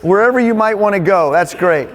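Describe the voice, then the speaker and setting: A man leading a men's Bible study, teaching in a casual, energetic, conversational way. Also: high voice. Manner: energetic, conversational, quick asides. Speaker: men's ministry leader.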